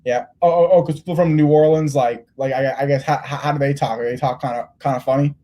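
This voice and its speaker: A man's voice: medium pitch, fairly even intonation, quick pace, dark tone. A man interviewing a young player, rambling with lots of restarts. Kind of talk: casual interview.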